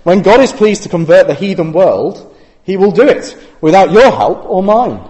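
Stern, dismissive older man with a broad Yorkshire accent, put on by a preacher; louder and brighter than the speaker's own voice. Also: high-pitched, expressive, normal speed, big-room sound, rough recording. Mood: scolding. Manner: dismissive, scolding.

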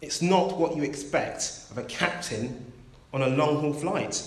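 A man preaching a sermon, telling a story in a measured, gentle way. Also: a little high. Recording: roomy echo.

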